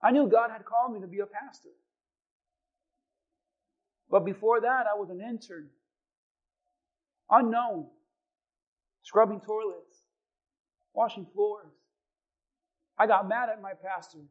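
Guy pastor preaching, pretty high voice, tells stories and acts out the people in them. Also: measured pace, long pauses, lo-fi sound. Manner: animated storytelling, acting out quoted voices. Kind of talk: sermon. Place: church.

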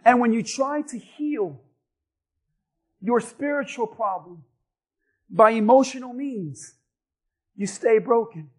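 A male pastor preaches with a strikingly high voice. He delivers the sermon emphatically, hammering his points home through repetition and rising to a forceful push on key phrases. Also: takes it slowly, long pauses, slightly rough, poor audio.

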